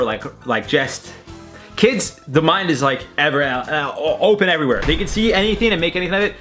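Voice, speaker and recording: Lively, rambling young man reacting to tweets. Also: a little high. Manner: chatty, swearing, rambling with lots of likes. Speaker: host. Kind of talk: casual reaction commentary.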